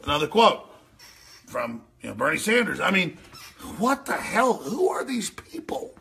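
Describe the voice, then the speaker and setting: A man hosting a radio show, ranting over news clips, excitable and yelling, with mocking impressions. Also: fairly high pitch. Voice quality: gravelly, raspy.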